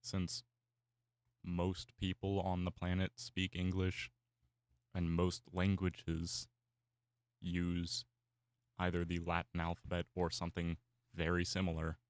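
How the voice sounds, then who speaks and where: A man's voice: low-pitched, monotone, takes it slowly, long pauses, no echo, studio quality. A man whose first language is Spanish, rambling casually with many fillers while he draws on stream. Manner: rambling, musing aloud with fillers. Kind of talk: casual chat while drawing.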